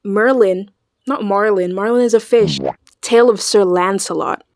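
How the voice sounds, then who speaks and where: A woman chatting casually in a reaction video, animated and slangy, swearing freely. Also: mid-range voice, normal speed, faint music behind. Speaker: video creator.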